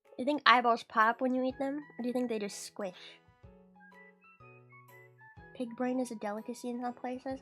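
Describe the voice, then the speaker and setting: A woman's voice: a little high, sharp tone. A woman streamer chatting casually with her viewers, rambling and giggly. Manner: rambling, giggly, talks to chat. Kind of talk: casual livestream chat.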